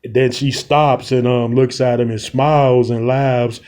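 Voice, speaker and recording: Young guy recapping a movie scene, laid back and rambling, average pitch. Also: fairly even intonation, darkish tone. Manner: rambling and slangy, many pauses. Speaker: storyteller. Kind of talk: casual retelling of a short film plot.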